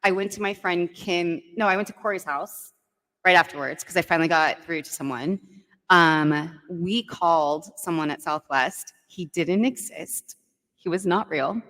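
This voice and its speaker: Low-pitched woman, casual podcast storyteller, animated and filler-heavy, roomy reverb. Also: normal speed. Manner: animated, heavy use of "like" and "right?". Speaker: guest storyteller.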